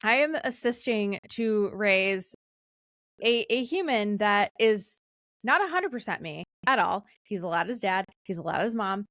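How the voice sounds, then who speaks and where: A woman hosting a casual podcast, quick and witty with a sarcastic edge and frequent laughter. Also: medium pitch, lively intonation, fairly bright tone, no echo, clean studio sound. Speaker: podcast host.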